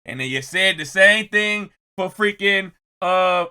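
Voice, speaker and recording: A man commenting on a clip in a reaction video, ranting and repeating himself, sometimes shouting as he mimics others. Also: high-pitched, slow pace, smooth.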